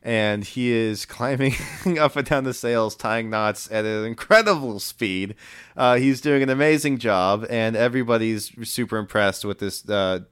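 Male game master, low and smooth, dry close sound. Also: normal speed, no room sound. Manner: relaxed, with frequent fillers. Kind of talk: narrating a tabletop game.

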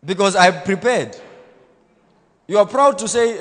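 A man pastor preaching a blunt, self-assured sermon, swinging between loud exhortation and quiet asides. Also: high-pitched, lively intonation, moderate pace, pauses often, in a large hall. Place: church hall.

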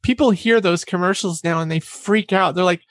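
A woman guest in a casual interview, telling quick anecdotes with a trained, deliberately raised voice and acting out what others said. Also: on the low side, no room sound, studio quality. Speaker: interview guest, former announcer and vocal coach.

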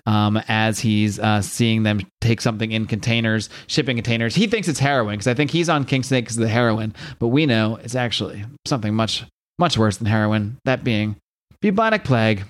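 A man's voice: lowish voice, fairly even intonation, a little fast, dry recording. A man casually recapping a comic series as a podcast co-host, rambling, laughing often and reading quotes in put-on voices. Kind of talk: casual chat.

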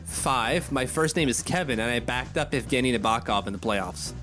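A man's voice: medium pitch, lively intonation, normal speed, music in the background. A man co-hosting a podcast, talking in a chatty, rambling way and correcting himself as he goes. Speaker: podcast co-host. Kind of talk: casual podcast chat.

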